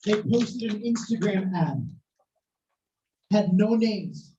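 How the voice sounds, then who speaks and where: A preacher telling a story in a sermon, animated and at times shouting, recorded in a church hall. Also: mid-range voice, slow pace, heavy background noise. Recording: echoey, distant, muffled hall recording.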